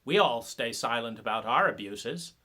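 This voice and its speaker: A man speaks in a bright, forceful tone, delivering a passionate monologue on trauma recovery. His talk is halting, full of fillers and restarts. He turns sarcastic, mocking others in put-on voices. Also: mid-range voice, expressive. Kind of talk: impassioned spoken monologue.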